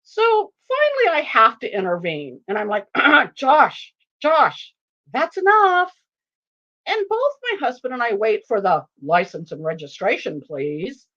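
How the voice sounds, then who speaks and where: A woman tells a family anecdote with a high, lively voice that rises and falls a lot. She is an expressive, animated storyteller at a live online author event. The sound is dull and lo-fi, like a stream. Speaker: author and guest reader.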